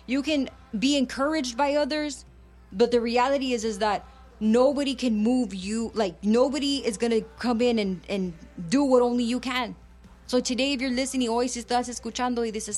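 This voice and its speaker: A woman preaches on a radio ministry program in a fervent, conversational way, moving between English and Spanish. Her voice sits a little high, and soft music plays faintly behind her. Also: steady tone, moderate pace. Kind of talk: bilingual preaching and encouragement.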